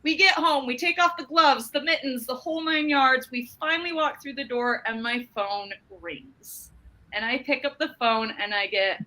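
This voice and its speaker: Bright, lively woman telling business stories. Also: high-pitched, normal speed, rough recording. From Utah. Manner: animated, laughing storyteller acting out dialogue. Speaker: trainer. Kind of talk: business training talk with storytelling.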